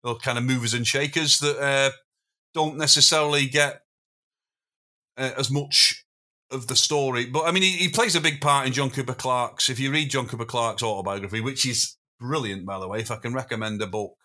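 A man's voice: medium pitch, brisk, sharp tone. A man guesting on a podcast, telling long rambling anecdotes with many restarts and chuckles. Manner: rambling storyteller, self-interrupting, chuckling. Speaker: podcast guest, former drummer. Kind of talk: casual anecdotal chat.

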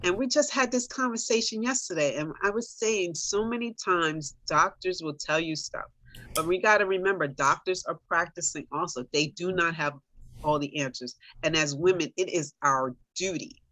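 A woman's voice: lowish voice, normal speed, fairly bright tone, dry recording. A middle-aged woman in casual conversation, telling her own story animatedly and talking straight to her listeners. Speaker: guest sharing her story.

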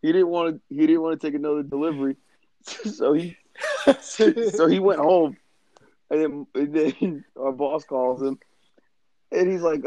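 A man's voice: fairly high pitch, measured pace, long pauses, mellow, no echo, poor audio. A man bantering and laughing in casual podcast chat.

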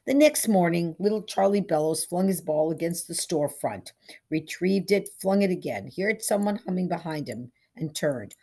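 Husky, low-toned woman narrating a story. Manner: measured, steady storytelling. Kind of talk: scripted narration of a short story.

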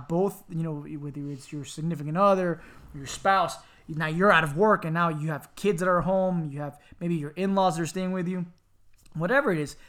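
Chatty man co-hosting a casual podcast. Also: a little high. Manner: animated storyteller, jokey, often breaks into loud laughing impressions. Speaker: podcast co-host.

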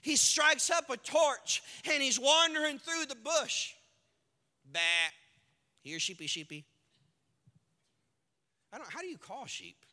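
A man's voice: very high-pitched, animated, normal speed, few pauses, pushed and bright, big-room sound. A man preaching a sermon as pastor, telling a parable with dramatic storytelling and acted-out voices.

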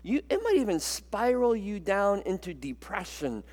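Brief: male pastor, lively sermon delivery, pitch swings widely, long hall reverb. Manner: animated, repeats words, dramatic pauses.

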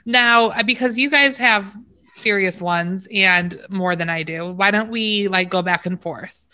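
A woman's voice: medium pitch, measured pace, pushed and bright. A woman co-hosting a podcast in casual chat, joking and teasing. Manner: jokey, teasing. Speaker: podcast co-host.

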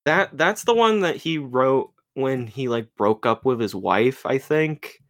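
A podcast co-host in casual chat, opinionated and halting, often restarting sentences with "like". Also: medium pitch, lively intonation. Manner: halting, many "like" fillers, opinionated.

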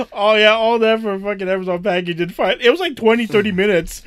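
A man with a slightly high voice co-hosts a loose, profane conversation, laughing through his stories. The sound is close and dry, with no room around it. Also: brisk, smooth, dry recording. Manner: profane, laughs often, animated storytelling. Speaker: podcast co-host. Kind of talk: casual chat.

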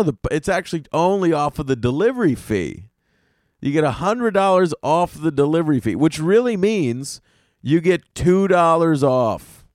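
Young male podcast host, a middle-pitched voice, profane exasperated comic ranting, close and dry. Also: no echo. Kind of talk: solo comedic podcast rant.

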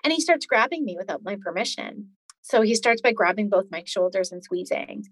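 A woman's voice: mid-range voice, brisk, breathy edge, dry recording. A woman in her forties telling her own story in an interview, earnest and detailed. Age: 40s. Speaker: podcast guest.

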